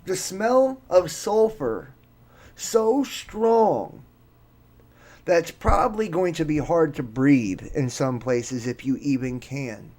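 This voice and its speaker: A man's voice: fairly high pitch, animated, a little mellow. A man commenting on viral videos with dramatic, mocking conspiracy talk about an approaching planet. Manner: dramatic, mocking, slow and emphatic. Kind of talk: conspiracy commentary over clips.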